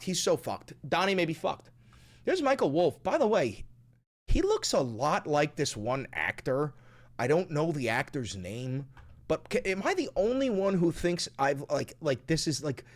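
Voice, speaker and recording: A man giving casual, profane political commentary, swinging from sarcastic muttering to excited outbursts. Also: high-pitched.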